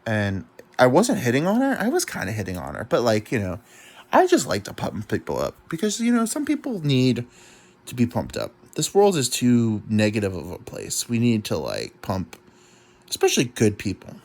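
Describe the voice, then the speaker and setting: A man's voice: huge pitch swings, normal speed, a little mellow. Young male comedy podcast host; loose, profane, self-deprecating storyteller with wildly swinging intonation. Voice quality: swearing, rambling, self-mocking. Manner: swoops in pitch, drops to mumbles.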